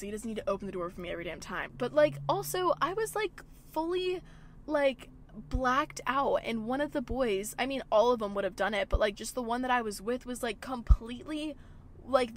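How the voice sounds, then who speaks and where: A woman's voice: a little high, fairly bright tone, slight background noise. Chatty young woman swearing freely. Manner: chatty, swears a lot, heavy filler "like". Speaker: podcast host. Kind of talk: casual solo podcast chat. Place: parked car at a gas station.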